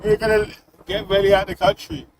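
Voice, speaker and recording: A man's voice: sits high, level tone, brisk, crowd noise. A man with a Nottingham accent chatting casually while reacting to videos, laughing constantly and swearing in slangy banter. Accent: Nottingham English.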